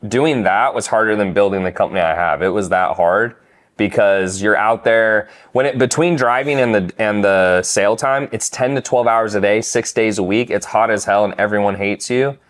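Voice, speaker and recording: A man's voice: fairly low pitch, normal speed. A young man hosts a podcast in a loose, conversational way. He tells stories with energy, jumping into quoted voices as he goes. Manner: animated storyteller, acts out quoted voices. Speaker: podcast host. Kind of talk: casual storytelling chat.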